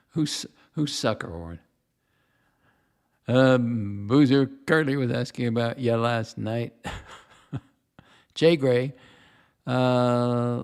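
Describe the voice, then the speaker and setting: An older man talks loosely on a livestream, drifting from one story to the next and repeating himself as he goes. His voice has a gravelly, rough edge and sits at an ordinary pitch for a man. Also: drawn-out words, long pauses, a little mellow. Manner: chatty storyteller, repeats himself, reads chat comments. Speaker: livestream host. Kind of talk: rambling casual chat.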